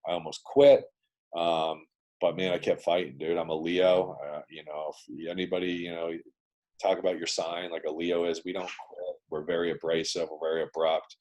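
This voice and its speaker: A man's voice: low voice, level tone, moderate pace, a little mellow. A man from Canada, a guest on a video call interview, telling his business story in a blunt, casual way with plenty of swearing and "man" and "dude". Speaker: guest entrepreneur.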